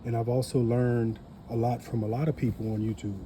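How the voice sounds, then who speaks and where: Earnest New man with a very dark voice. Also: medium pitch, little pitch movement, fairly quick, a little hiss or hum. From New Orleans. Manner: earnest, motivational, repeats phrases. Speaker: family channel creator. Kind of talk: casual vlog talk to camera.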